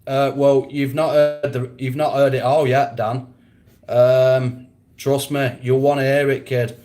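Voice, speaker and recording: A man with a warm, level, mid-range voice speaks a little slowly as he chats casually on a live stream. He answers viewers, rambles, and often breaks into laughter.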